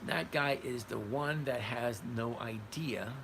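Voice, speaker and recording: A man's voice: mid-range voice, takes it slowly, a bit bright, slight background noise, poor audio. An older retired man hosting a casual livestream, answering viewers by name in a blunt, conversational way. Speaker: host reading live chat. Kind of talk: casual livestream chat about trading.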